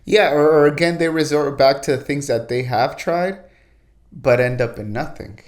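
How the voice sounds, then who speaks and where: A podcast host with a slightly high voice talks at a moderate pace in a casual interview. He stammers through his questions, often repeating words as he works them out.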